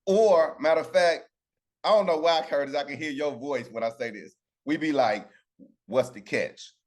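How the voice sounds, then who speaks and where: A man's voice: a little high, moderate pace. Man, Bible study teacher on a video call, loose and chatty, pulls in his group with "right?". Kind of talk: casual Bible lesson.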